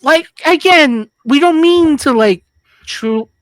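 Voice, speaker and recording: A woman's voice: high-pitched, expressive, takes it slowly, no echo. A woman co-hosting a film review podcast, talking casually in a rambling, jokey, crude way with many restarts. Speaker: podcast co-host.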